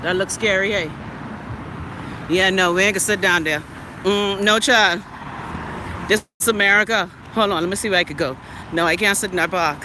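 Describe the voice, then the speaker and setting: A woman's voice: mid-range voice, moderate pace, long pauses. A Bahamian woman chatting casually and playfully to her viewers while walking a city street. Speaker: vlogger. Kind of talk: casual live-stream chat while walking. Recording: street traffic noise behind. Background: traffic noise.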